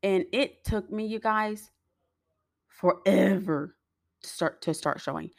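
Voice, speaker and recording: A woman's voice: mid-range voice, takes it slowly, gravelly, dry recording, studio quality. A young woman telling a personal story to her viewers in a chatty, rambling way, acting out the voices of the people in it. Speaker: vlogger.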